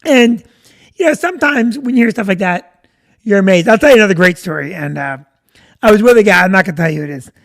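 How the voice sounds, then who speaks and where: A man's voice: sits high, expressive, fast talker, vocal fry. A middle-aged man, a comedian telling stories to viewers on a live stream, rambling and stopping to greet people by name. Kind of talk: casual storytelling to viewers.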